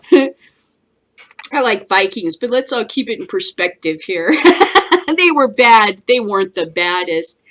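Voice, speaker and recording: Slow, blunt, profane woman host. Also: mid-range voice, expressive, a bit bright. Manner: blunt, profane, with frequent laughter. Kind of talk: casual ranting commentary.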